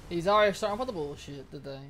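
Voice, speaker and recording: A man's voice: a little high, rapid-fire, fairly bright tone, a little hiss or hum. A man playing a co-op game online, teasing his friends in a sarcastic, mock-dramatic way. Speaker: gamer. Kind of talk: casual co-op gaming chat.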